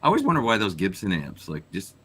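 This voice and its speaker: Very deep-voiced Canadian man, rambling. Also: wildly swooping pitch, fast, a bit bright, slightly rough. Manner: rambling, trails off with many fillers. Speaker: guest musician. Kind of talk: casual chat on a live video call.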